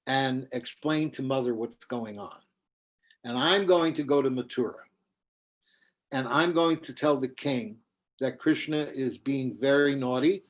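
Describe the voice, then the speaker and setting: A man voicing a young husband who feigns being upset while calmly laying out a plan. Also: medium pitch, close to an everyday voice. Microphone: video call.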